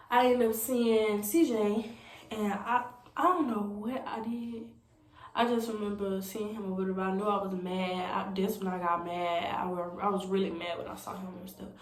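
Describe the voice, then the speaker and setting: A woman's voice: mid-range voice, steady tone, normal speed. A young woman tells a rambling story in a casual vlog, with lots of "like" and "you know.". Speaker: vlogger. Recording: echoey room with faint noise.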